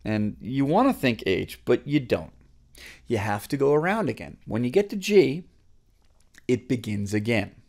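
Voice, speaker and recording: A man's voice: medium pitch, very animated, unhurried, vocal fry, a little mellow. A man teaching a music theory lesson, patient, chanting the note names aloud with his students.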